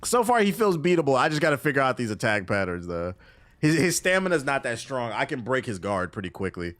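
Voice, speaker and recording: A man streaming a game live, commenting as he plays, swinging from low muttering to loud outbursts. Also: fairly quick, dry recording. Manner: excitable, swings from muttering to shouting. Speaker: gaming streamer.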